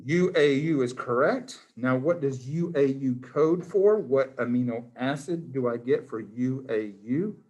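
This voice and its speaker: A man's voice: mid-range voice, unhurried, hardly any pauses, warm tone. A man, a biology teacher in his classroom, quizzing students by name in a playful, encouraging way. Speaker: high school biology teacher.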